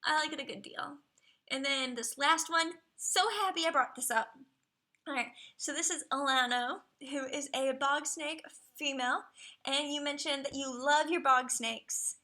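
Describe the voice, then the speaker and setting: A woman chatting casually on a live stream, reviewing viewers' dragons with upbeat, playful commentary and dropping now and then into soft whispers. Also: high-pitched, steady tone, normal speed.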